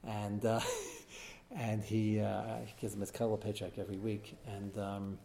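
A man teaching a text-study class, explaining quickly and animatedly with frequent "uh" fillers. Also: fairly low pitch, completely flat delivery, vocal fry, mellow, a little hiss or hum.

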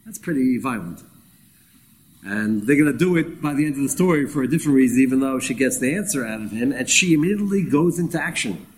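A man's voice: medium pitch, animated, fast, slight background noise, low-quality recording. A man teaching an informal Bible class in a conversational, wry way. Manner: conversational and wry, acts out quoted speakers.

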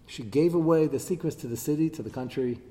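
A man teaching a text-study class, animated, his voice jumping up whenever he quotes and chants verses. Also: fairly high pitch, quick pace. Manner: animated, voice leaping up when quoting and chanting verses. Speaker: Bible teacher. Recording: long hall reverb.

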